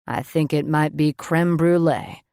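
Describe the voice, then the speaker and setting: A woman doing a low, wry reserved man. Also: flat delivery, moderate pace, a little mellow, no room sound, clean studio sound, close to an everyday voice. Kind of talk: audiobook narration.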